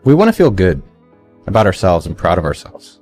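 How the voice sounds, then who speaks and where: A man in his forties, an entrepreneur giving energetic motivational advice in an interview, often restarting and acting out quotes. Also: low voice, fairly quick, soft background music. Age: 40s. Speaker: entrepreneur guest.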